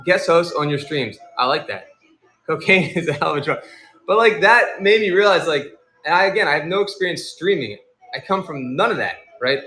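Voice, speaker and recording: A man hosting a casual live stream as a seller, talking in a rambling, animated way and acting out the people in his stories. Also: on the high side, fairly quick, reverberant. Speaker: livestream seller and host.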